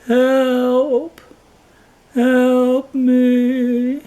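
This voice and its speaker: Bam, a man doing a high whiny starving lion. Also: animated, measured pace, a little mellow, poor audio. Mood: pleading. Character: starving proud male lion king, pleading.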